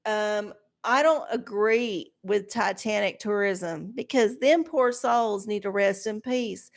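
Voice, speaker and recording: A middle-aged woman hosts a livestream, ranting bluntly and sarcastically in profane chat full of swearing. Her voice is a little high and a bit bright.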